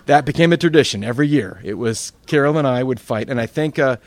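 Speaking at a quick pace in a dry recording, a pastor with a mid-range voice delivers a storytelling sermon. He's animated, telling funny tales and voicing the different people in them.

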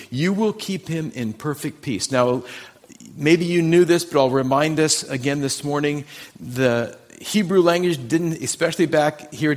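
Man preaching an earnest, conversational sermon. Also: on the high side. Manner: earnest, conversational preaching with slow emphatic scripture reading. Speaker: pastor. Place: church sanctuary.

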